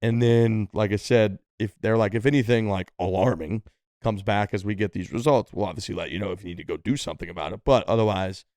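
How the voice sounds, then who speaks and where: Podcast dude rambling thru a story, kinda low voice, lots of likes, dry close sound. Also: male voice, steady tone, fast, a little mellow, dry recording. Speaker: podcast co-host. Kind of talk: casual storytelling.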